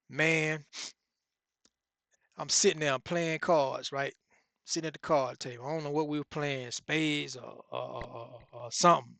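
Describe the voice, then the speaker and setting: A man's voice: fairly high pitch, a bit bright, no echo. A man telling a story in a rambling, casual way, repeating himself with lots of fillers.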